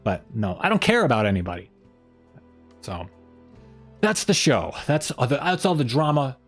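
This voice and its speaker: A man's voice: medium pitch, sing-song, moderate pace, soft background music. A man hosting a casual live stream from home, rambling and self-mocking, often trailing off mid-thought. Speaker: streamer host. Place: home room by an open window.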